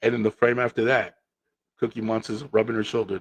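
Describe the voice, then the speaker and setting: A man's voice: on the low side, brisk, vocal fry. Guy hosting a podcast, storytelling, acts out what people said, repeats stuff to drive it home. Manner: animated storytelling, acts out quotes; repeats phrases for emphasis. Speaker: podcast host. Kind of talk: casual monologue.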